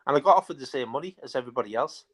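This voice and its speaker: A man's voice: mid-range voice, animated. A middle-aged man telling stories about his football career in a rambling, casual way, full of fillers. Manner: rambling, fast, many fillers. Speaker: interview guest, former footballer. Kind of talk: casual storytelling.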